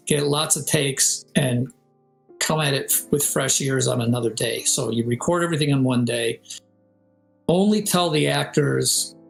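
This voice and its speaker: A medium-pitched, creaky voice belongs to an older game composer and audio director talking casually in a video-call interview. He's an animated storyteller who sings melodies and imitates voices, and the audio quality is poor.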